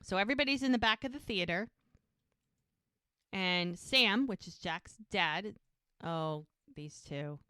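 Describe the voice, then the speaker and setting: A woman hosting a podcast, retelling scenes in a casual, animated way, acting out the characters' lines and laughing often. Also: mid-range voice, a little slow, long pauses, clear, resonant tone, dry recording, studio quality. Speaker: podcast host. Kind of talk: casual episode recap.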